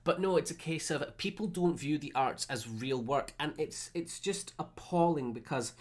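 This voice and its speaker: A young man co-hosting a casual podcast chat, talking passionately with quick restarts. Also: fairly high pitch. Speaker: podcast co-host.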